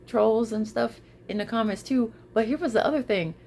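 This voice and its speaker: A woman vlogging casually to her viewers, expressive, often repeating her phrases and laughing. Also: fairly high pitch, normal speed, slight background noise. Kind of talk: casual talk to camera.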